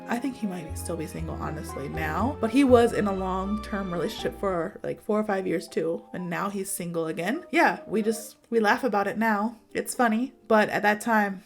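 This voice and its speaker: A young American woman, an English teacher, telling a story in a lively, dramatic, slangy way. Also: medium pitch. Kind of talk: storytelling lesson to camera.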